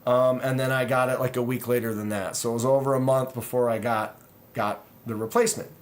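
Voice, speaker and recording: A man's voice: medium pitch, fairly even intonation, brisk. A man hosting a knife channel, telling a long frustrated story in a rambling way, with sighs and restarts. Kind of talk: casual livestream chat.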